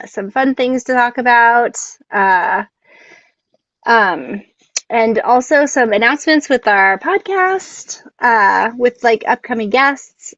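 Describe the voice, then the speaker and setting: A woman's voice: fairly high pitch, fairly bright tone, no room sound. A woman co-hosting a casual live stream, rambling, laughing often and tripping over her words. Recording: dull, dry lo-fi sound.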